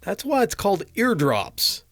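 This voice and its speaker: A man's voice: sits high, huge pitch swings, a little slow, a bit bright, no room sound, faint music behind. A man narrating a string of funny doctor and patient stories, with a dry comic delivery. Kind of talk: reading funny anecdotes aloud.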